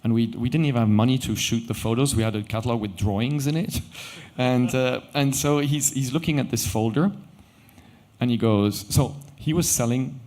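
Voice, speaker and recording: A middle-aged man, a company founder, telling a story on stage with animated quoted dialogue. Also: mid-range voice, normal speed. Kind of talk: conference storytelling talk. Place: event stage.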